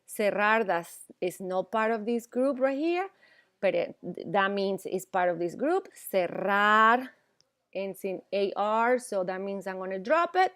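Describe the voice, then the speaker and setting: A woman's voice: mid-range voice, lively intonation, unhurried, a bit bright. A woman teaching Spanish, explaining grammar patiently, repeating examples and often checking in with "okay?". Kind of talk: classroom grammar lesson.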